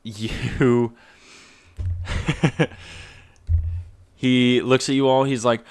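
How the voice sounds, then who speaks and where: A man's voice: mid-range voice, fairly even intonation, very slow, pauses often, darkish tone, clear, resonant tone, no room sound, clean studio sound. A man narrating as game master of a tabletop game, casual and swearing, laughing at his own jokes.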